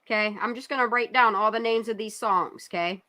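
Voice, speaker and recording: A woman hosts a loose true-crime commentary, narrating over a video with blunt, sarcastic remarks. Her voice sits a little high and rings bright and forward. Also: brisk. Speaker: channel host.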